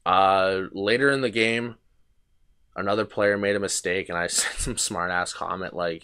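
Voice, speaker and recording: A man's voice: low-pitched, fairly even intonation, moderate pace, sharp tone, clean tone. A young man hosting a podcast, telling a long casual story with restarts, fillers and swearing. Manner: rambling anecdotes with frequent restarts and swearing. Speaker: podcast host.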